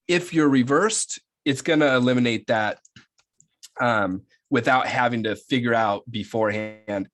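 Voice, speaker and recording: Casual man teaching a webinar. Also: medium pitch. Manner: loose and conversational, frequent "right?" tags, occasional swearing. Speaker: coach presenting a webinar.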